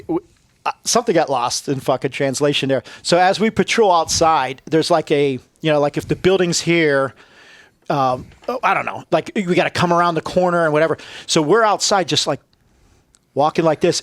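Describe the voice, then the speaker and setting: A man's voice: fairly high pitch, no echo, clean studio sound. A man telling profane war stories in casual chat, laughing often and acting out what others said. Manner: profane, laughing, acts out quoted voices. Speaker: podcast guest.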